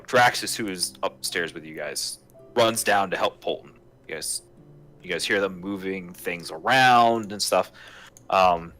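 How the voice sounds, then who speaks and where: A man's voice: deep voice, pushed and bright. A man narrating a tabletop role-playing game as game master, rambling and hesitant with many fillers.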